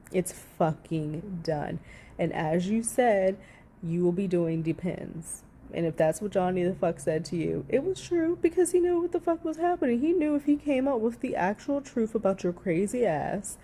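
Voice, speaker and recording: A woman's voice: a little high, mellow, slight background noise. A woman giving heated, profanity-laced reaction commentary, sarcastic and indignant as she rants to her viewers.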